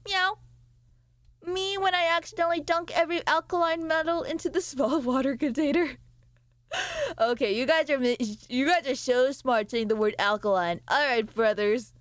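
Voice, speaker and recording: Chatty streamer woman with a higher voice. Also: no echo. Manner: swearing, laughing, reacting to chat. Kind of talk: casual live-stream chat.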